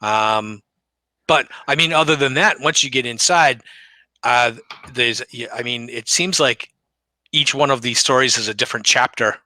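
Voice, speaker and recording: Bright, dry-sounding man. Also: medium pitch, no echo, low-quality recording. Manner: halting, with ums and restarts, dry opinions. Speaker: comic podcast co-host. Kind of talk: casual chat.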